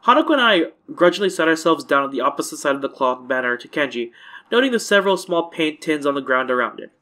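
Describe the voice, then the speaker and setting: A man's voice: a little high, big pitch swings, quick pace, sharp tone. A man hosting a let's-play, reading a visual novel aloud casually and correcting his own stumbles.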